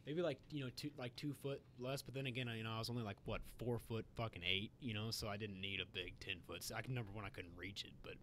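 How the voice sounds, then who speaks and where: A young man guesting on a podcast, telling stories in an animated, swearing casual chat. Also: lowish voice, quick pace, few pauses, a little hiss or hum.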